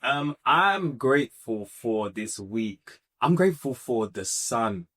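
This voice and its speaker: A man co-hosting a podcast in casual chat, animated and often mimicking family voices. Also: mid-range voice, takes it slowly. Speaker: podcast co-host.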